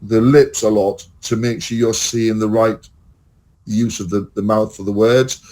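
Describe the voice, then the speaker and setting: A man's voice: on the low side, unhurried. Sweary English man rambling. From England. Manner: swearing, rambling, animated storytelling. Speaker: podcast co-host. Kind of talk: casual chat.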